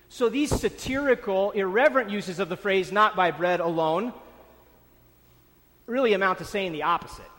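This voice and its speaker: Man preaching, high voice, emphatic, repeats phrases, long hall echo. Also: normal speed, a bit bright, slight background noise. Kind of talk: sermon.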